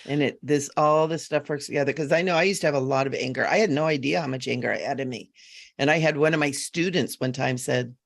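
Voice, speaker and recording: A woman co-hosting as a psychic medium, chatting with animated storytelling and quick asides. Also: sits low, vocal fry, no room sound, studio quality. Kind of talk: casual spiritual chat.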